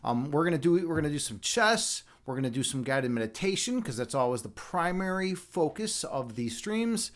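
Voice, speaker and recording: A man's voice: fairly high pitch, big pitch swings, normal speed, few pauses. A man hosting a live stream from his home setup, talking in a rambling, jokey way with many restarts. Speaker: livestream host, chess instructor and meditation guide. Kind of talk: casual live-stream chat.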